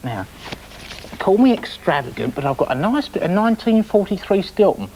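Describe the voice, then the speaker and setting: A man's voice: sits high, big pitch swings, normal speed, darkish tone, a little hiss or hum, rough recording. Man rambling through a daft comic bit. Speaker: children's TV presenter. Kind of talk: scripted comedy sketch.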